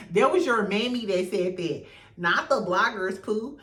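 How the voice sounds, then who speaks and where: A woman's voice: mid-range voice, expressive, measured pace, fairly bright tone, far from the mic. A woman hosting casual reality TV gossip commentary in a sassy, profane way, laughing often. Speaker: host. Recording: roomy echo, off-mic.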